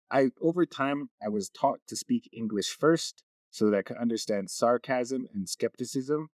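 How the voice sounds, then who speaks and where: A man's voice: on the low side, darkish tone, no room sound. A man, a community knowledge keeper, talking easily in an interview and telling stories. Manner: easygoing storyteller. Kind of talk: casual interview talk.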